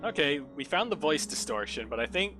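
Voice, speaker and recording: A woman's voice: deep voice, very animated, a little fast. A woman co-host chatting casually over a story game with dry, joking comments.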